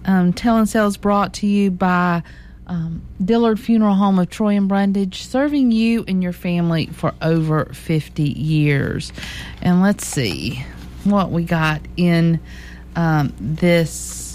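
A woman with a Southern US accent, co-hosting local radio, chatting casually and then slowly reading classified listings and phone numbers. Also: lowish voice, a little mellow. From American South.

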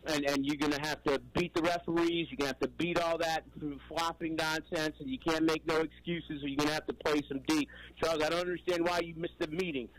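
A man in his sixties from New York calls in to sports radio and talks in a rambling, emphatic way. He circles back and repeats himself in a voice pitched a little high. He comes through a radio call-in line. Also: fairly even intonation, a little fast, few pauses, low-quality recording. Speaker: caller.

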